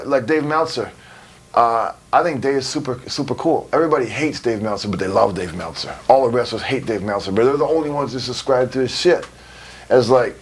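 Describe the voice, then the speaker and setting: This 2002 interview features a wrestler with a lowish, husky voice who speaks bluntly and at length, peppering his casual talk with profanity and laughing between stories.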